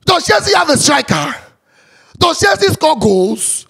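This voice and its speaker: A man speaking Nigerian Pidgin English, ranting as a football fan in a sing-song, excitable way that swings from loud to muttering. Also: very high-pitched, measured pace, gravelly. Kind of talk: animated sports rant.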